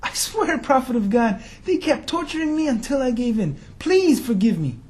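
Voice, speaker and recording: A man's voice: very high-pitched, very animated, moderate pace, darkish tone, voice pushed up. A man voicing a young man who pleads through tears for forgiveness, in an earnest, pleading way.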